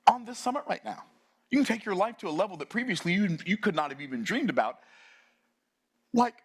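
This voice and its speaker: A man, giving a fiery motivational talk that surges between low, intense stretches and excited outbursts. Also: breathy edge. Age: 60s. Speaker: summit speaker.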